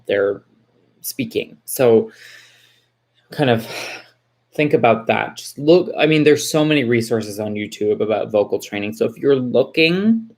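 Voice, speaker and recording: A woman in her forties from Texas hosts a relaxed livestream, talking straight to her viewers. She reads their comments aloud and answers with warm reassurance. Her speech is loose and rambling, with plenty of fillers and restarts. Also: extremely low pitch, unhurried. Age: 40s. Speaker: livestream host.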